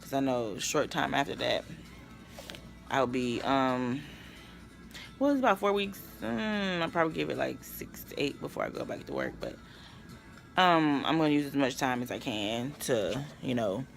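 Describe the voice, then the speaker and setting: Brief: tired young woman, gravelly fry, rambling vlog update, faint music underneath. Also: very deep voice, big pitch swings, normal speed. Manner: tired, rambling, with sighs and yawns. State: exhausted from no sleep. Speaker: vlogger.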